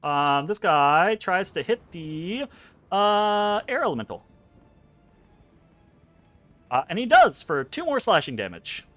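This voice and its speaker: A man's voice: high voice, a little slow, long pauses, faint music behind. A man running a tabletop game as game master, narrating animatedly with frequent ums and swearing. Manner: animated, profane, lots of ums.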